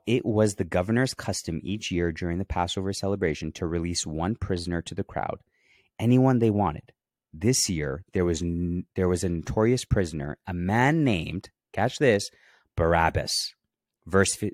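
A man's voice: low voice, dry recording, clean studio sound. A man hosting a Bible teaching podcast. He reads scripture aloud and stops often to stress key words and press his listeners to take them in.

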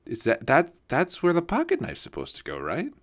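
A man's voice: a little high, wildly swooping pitch, moderate pace. A young man telling a casual story, rambling and swearing with lots of fillers and restarts.

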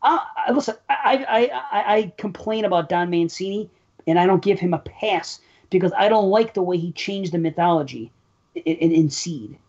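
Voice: medium pitch, moderate pace, darkish tone. A speaker giving strong, profane opinions in a casual film discussion. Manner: emphatic, swears often, opinionated. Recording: slightly dull audio.

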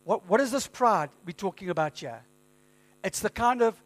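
A man preaching a sermon as pastor, in a conversational storytelling manner with lively quoted asides. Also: high-pitched, moderate pace. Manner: conversational storytelling, animated quoting.

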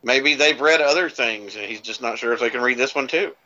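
A man's voice: medium pitch, fairly quick, sharp tone, muffled recording. A man co-hosting a casual comedy podcast, joking playfully with a lot of swearing and spinning silly what-if scenarios. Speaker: podcast co-host.

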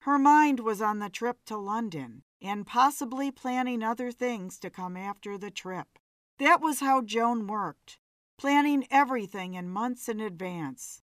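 A woman reading a suspenseful short story aloud in a calm, measured way. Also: medium pitch, dry recording, studio quality. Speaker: story reader. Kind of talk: story narration.

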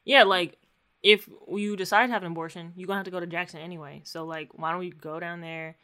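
Bright-voiced woman in casual chat. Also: fairly low pitch, fast talker, clean tone. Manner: animated, slangy storytelling with acted-out quotes. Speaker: podcast co-host recapping a show.

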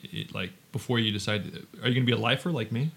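A man's voice: medium pitch, quick pace, vocal fry, a bit bright, husky. A man hosting a podcast interview, chatty and teasing, with lots of "like" fillers. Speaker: podcast host. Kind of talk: casual interview chat.

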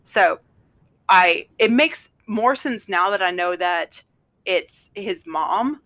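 A woman's voice: mid-range voice, expressive, slow, a bit bright. A woman in casual chat, recapping a show with a friend, reading quotes aloud and adding blunt, exasperated asides.

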